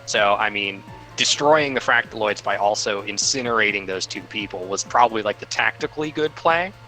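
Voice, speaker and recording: Rambling young man, bright voice. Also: on the low side, brisk, soft background music, poor audio. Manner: rambling, full of "like" and "um". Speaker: game player. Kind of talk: casual livestream chat.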